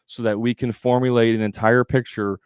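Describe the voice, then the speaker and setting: A man's voice: mid-range voice, little pitch movement, brisk, smooth, dry recording, studio quality. A man giving a live sales training as coach, talking conversationally with fillers and restarts.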